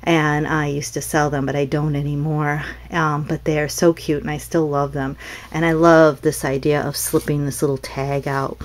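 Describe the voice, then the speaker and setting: A middle-aged woman with a low voice talks through a crafting show-and-tell. She rambles in a friendly, unscripted way, restarting sentences and filling gaps with ums. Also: flat delivery, moderate pace. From North Carolina, US. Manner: chatty, meandering, with frequent restarts and ums. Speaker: craft seller showing customer cards. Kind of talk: casual show-and-tell vlog.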